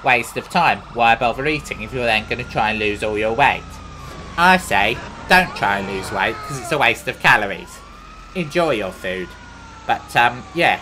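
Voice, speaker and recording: A man's voice: medium pitch, lively intonation, normal speed, bright, forceful tone, slight background noise, poor audio. Rambling boastful Cockney man. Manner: boastful, absurd, chatty tangents. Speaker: gaming comedy host. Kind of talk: rambling comic monologue over gameplay. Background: music.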